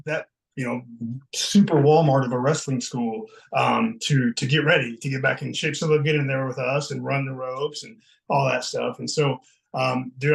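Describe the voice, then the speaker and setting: A man's voice: medium pitch, gravelly, poor audio. A man as guest on a casual chat show, telling a rambling story, swearing freely and getting emotional.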